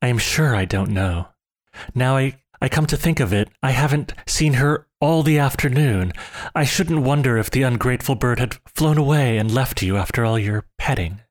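A man's voice: medium pitch, normal speed, close to an everyday voice. Man putting on a cross old woman, cruel shrew, scolding, spiteful, storybook reading.

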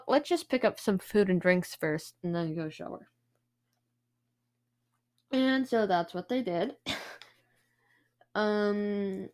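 A woman's voice: mid-range voice, a little mellow. A woman hosts a true crime podcast and recounts the case to a co-host. Her delivery is chatty and loose, with plenty of fillers.

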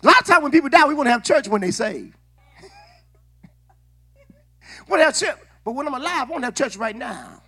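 A man preaching a sermon in a church, calling on the congregation to answer back. He often repeats and restarts his words, and he builds up to shouting. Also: very high-pitched, animated, brisk, long pauses. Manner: call-and-response preaching, rising to shouts. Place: church sanctuary.

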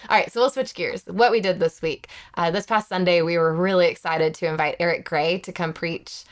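A woman's voice: on the low side, steady tone, a little fast. A woman pastor co-hosting a podcast in a church office, chatty and upbeat, laughing often. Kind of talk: casual chat.

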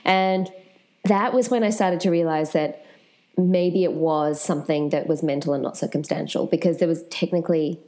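A woman's voice: low voice, normal speed. A woman guest telling her personal story frankly and with animation in an interview. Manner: frank, animated, swears casually.

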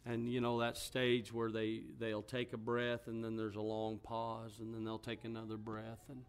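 A middle-aged man, a pastor, preaching a sermon. He tells a story in a low, quiet voice and then builds to loud, forceful emphasis. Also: completely flat delivery, normal speed, clean tone. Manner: storytelling, drops to a hushed voice for quoted words, then rises with emphasis.

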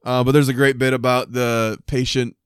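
A man's voice: mid-range voice, normal speed, clean tone, no echo, studio quality. A man casually recapping a TV episode with a friend, swearing freely and acting out lines from the show. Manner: animated retelling with quoted voices and frequent swearing. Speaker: podcast co-host.

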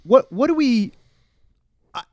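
A man's voice: very high-pitched, animated, slow, dry recording. A man co-hosting a podcast, talking about a TV episode in a laid-back, slangy way. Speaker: podcast co-host. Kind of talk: casual chat about a TV episode.

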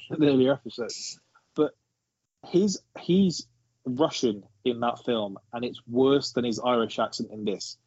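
A man's voice: medium pitch, a little mellow, breathy edge, no echo, muffled recording. A man casually discussing a film on a podcast, explaining his views at length.

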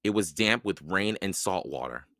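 A man hosting a podcast and reading a children's book aloud with slow, expressive storytelling. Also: low-pitched, dry recording, clean studio sound. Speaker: podcast host and reader.

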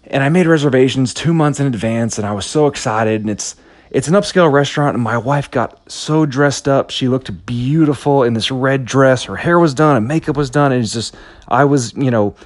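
A man's voice: mid-range voice, moderate pace, no echo, clean studio sound. A man in his thirties giving a motivational talk, telling a personal story in an earnest, anecdotal way with frequent restarts.

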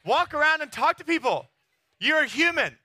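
A pastor from Texas preaching a sermon in a lively, chatty way, often checking in with his listeners. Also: very high-pitched, normal speed, no echo. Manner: animated, chatty, keeps asking the crowd "right?".

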